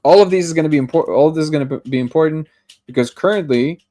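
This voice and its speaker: A man's voice: on the high side, quick pace, dark tone. Rambling man hosting a live show. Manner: thinks aloud, restarts and trips over words. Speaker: host of a daily live discussion show. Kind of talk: casual live commentary while watching a clip.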